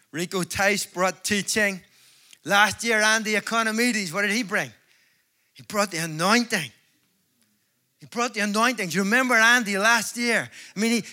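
A Northern Irish man preaching to a conference crowd in a high, bright voice. He mixes jokes with fervent calls to his listeners. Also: moderate pace. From Northern Ireland. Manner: jokey, rising to fervent exhortation. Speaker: evangelist preacher. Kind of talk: conference sermon with humor. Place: large conference hall before an audience.

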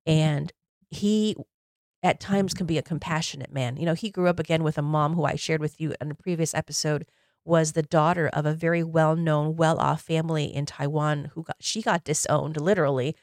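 A woman's voice: low voice, fairly even intonation, moderate pace, a little mellow, dry recording, clean studio sound. A woman in her forties hosting a podcast, telling personal stories in an earnest, reflective, conversational way. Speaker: podcast host.

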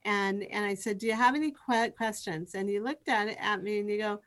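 A middle-aged woman, a professor and youth program director, telling stories as a guest on a podcast, lively and full of false starts. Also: mid-range voice, fairly quick. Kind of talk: conversational interview storytelling.

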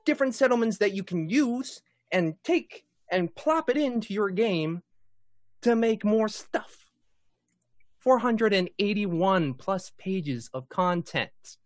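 A man's voice: high voice, dry recording, studio quality. A man hosting a tabletop game stream as dungeon master, reading sponsor announcements in a jokey, rambling way. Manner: jokey, punning, rambling with fillers.

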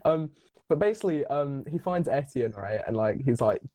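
A young man tells a story in casual podcast chat, with a lively and animated delivery. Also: mid-range voice, moderate pace, dry recording. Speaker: podcast guest.

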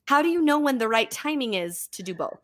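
A woman hosts a podcast in a casual, thinking-aloud way, full of fillers. Her voice sits a bit high, and the recording is dry and close. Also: very animated, brisk, no echo. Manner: chatty, lots of "like", thinks aloud. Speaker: podcast host. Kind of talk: casual chat.

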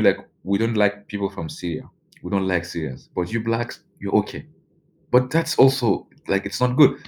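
A young man with a Nigerian accent, a journalist, recounting his experiences casually with lots of "like" and restarts. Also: low voice. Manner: loose, full of "like" and restarts. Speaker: journalist interviewee. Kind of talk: casual personal storytelling.

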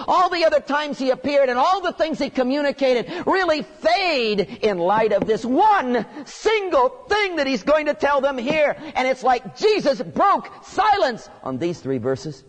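Male preacher, high-pitched, emphatic and conversational, loud bursts, reverberant hall. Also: big pitch swings, moderate pace, hardly any pauses. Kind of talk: expository sermon.

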